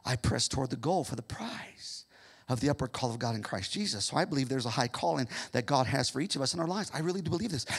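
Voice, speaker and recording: Male American preacher, high and ringing, shouts the big lines and talks low in between. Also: creaky, husky. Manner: shouts his peaks, drops to quiet asides. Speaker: pastor. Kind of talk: sermon. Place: church sanctuary.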